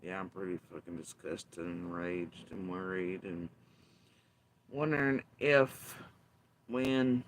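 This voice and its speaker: A man's voice: deep voice, slow, slight background noise. A man hosting his channel, delivering bitter, profane, emphatic commentary in an angry rant. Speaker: channel host.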